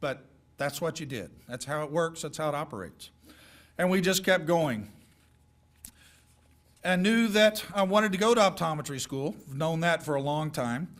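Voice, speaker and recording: A middle-aged man addresses a class of high school seniors in a folksy, joking way, handing out direct advice. His voice sits a little high for a man. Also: moderate pace, long pauses, a bit bright. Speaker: guest speaker.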